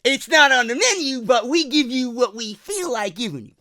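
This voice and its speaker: Man voicing a slow stammering restaurant worker, high-pitched, loud, sharp-toned. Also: big pitch swings, no room sound, studio quality, exaggerated voice. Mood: drawling. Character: dim, laid-back male buffet employee.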